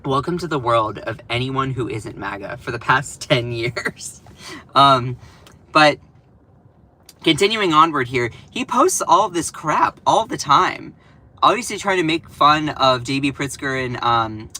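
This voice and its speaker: A young man talking in a casual political commentary vlog, animated and sarcastic, with lots of fillers and quick asides. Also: medium pitch, rough recording.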